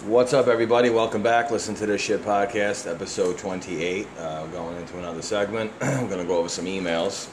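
A man with a New York accent and a deep voice, hosting a casual podcast and bluntly reading listener emails with plenty of swearing. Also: steady tone, a little fast, few pauses, reverberant, a little hiss or hum. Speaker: podcast host.

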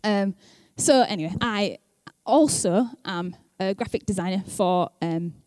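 A woman's voice: medium pitch, unhurried, a little mellow, dry recording. A young woman speaking at church in a chatty, self-deprecating way, laughing often, then reading scripture aloud. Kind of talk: casual talk and scripture reading.

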